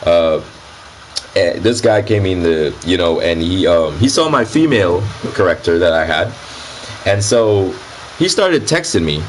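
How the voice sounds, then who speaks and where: Young guy bragging about his gaming stories, lowish voice that bounces all over, a bit of faint hiss. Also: a little slow. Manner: animated, boastful, slangy. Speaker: gaming YouTuber guest. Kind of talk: casual storytelling in an interview.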